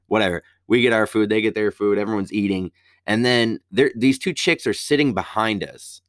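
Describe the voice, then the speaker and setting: A man's voice: on the low side, fairly quick, no room sound, clean studio sound. A young man, a stand-up comic, telling a profane story in casual chat. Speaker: stand-up comedian.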